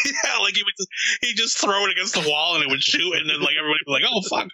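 A man's voice: sits high, animated, very fast, pushed and bright, no room sound, poor audio. A man in casual chat, telling stories with lots of swearing and laughter and acting out scenes. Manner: profane, laughing storyteller who acts out scenes.

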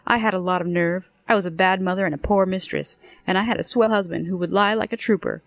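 A woman narrating a first-person story in a lively, expressive way and acting out the dialogue as she goes. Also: on the low side, fast talker, creaky, no echo.

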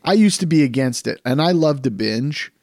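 A man with a gravelly, fry-laced voice holds forth on a casual podcast, circling back and restarting his points as he goes. He sits close to the mic in a dry, dead room. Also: mid-range voice, normal speed, dry recording. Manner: rambling, animated storytelling with many restarts. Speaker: podcast co-host.

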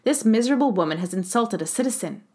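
A woman's voice: fairly high pitch, animated, fast talker, dark tone. A stern, unbending police inspector, voiced by a woman narrator. He speaks in a firm, controlled way, polite to his superior while holding his position. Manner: firm, respectful but unyielding.

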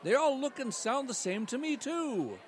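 A man's voice: very high-pitched, big pitch swings, moderate pace, a little hiss or hum. A man doing a pompous cat news anchor. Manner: mock-formal news delivery.

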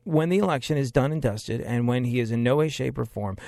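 A man's voice: medium pitch, fairly quick, creaky, dark tone, dry recording, studio quality. Sarcastic male political commentator. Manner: sarcastic, emphatic, repeats phrases for effect.

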